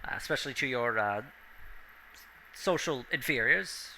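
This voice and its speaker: A man's voice: mid-range voice, lively intonation, moderate pace, sharp tone, a little hiss or hum, poor audio. A man voicing a haughty, condescending noble lord who is a necromancer, for a tabletop game. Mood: pompous. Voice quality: haughty, condescending, politely stiff. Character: pompous new male noble lord, a necromancer.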